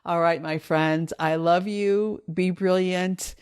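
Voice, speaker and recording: A woman hosting a solo podcast for dog owners, coaxing listeners gently and rising into lively bursts of encouragement. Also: on the low side, takes it slowly, smooth. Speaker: podcast host and dog trainer.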